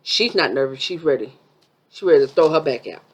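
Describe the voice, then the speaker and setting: A woman's voice: sits low, expressive, fairly quick, slightly rough. A woman vlogger giving a chatty, sassy review of a reality TV episode, full of asides.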